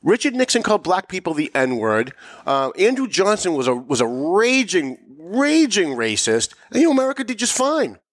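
A man hosting a political talk show delivers commentary emphatically, pushing his voice up into sharp, mocking peaks to make a point. His voice sits high with wildly swooping pitch at a moderate pace, recorded at studio quality with no room sound.

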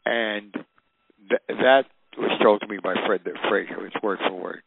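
A man's voice: fairly low pitch, unhurried, creaky, noisy background. Older man telling stories over a thin radio line. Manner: animated, acts out quoted voices. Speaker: guest storyteller. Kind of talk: recounting anecdotes. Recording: tinny phone-like radio line.

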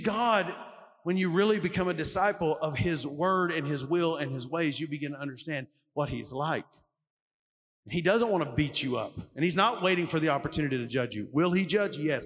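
A man's voice: fairly high pitch, fairly quick, husky. A middle-aged male lead pastor preaching a sermon, telling stories and acting out quotes with animation. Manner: animated storytelling, acts out quotes loudly. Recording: long hall reverb, faint music.

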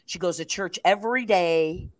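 A woman's voice: lowish voice, moderate pace, no room sound. A middle-aged woman from the Chicago area, co-hosting a casual chat show, talking in a chatty way and laughing often. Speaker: co-host.

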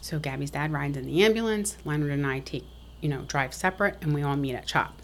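A woman's voice: low voice, brisk, a little hiss or hum. A middle-aged woman telling a family story frankly and matter-of-factly as a podcast guest. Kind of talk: casual interview talk.

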